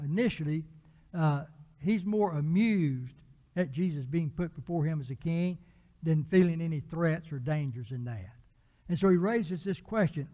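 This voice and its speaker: A man preaching an evening Bible lesson in church, explaining a passage with frequent fillers and restarts. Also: a little high. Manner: unhurried Bible teaching with many fillers and restarts. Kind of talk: sermon. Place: church auditorium. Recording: dull lo-fi church recording with long reverb.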